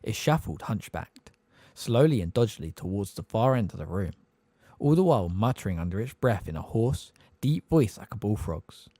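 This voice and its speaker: A man narrating an audiobook with an expressive, varied reading. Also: fairly low pitch, normal speed, no echo.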